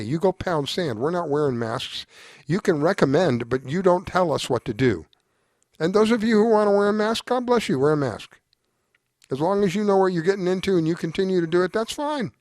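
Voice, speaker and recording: With a high-pitched voice, a man hosting a talk show gives an exasperated, emphatic commentary that repeats points over and over. The sound is studio quality, without echo.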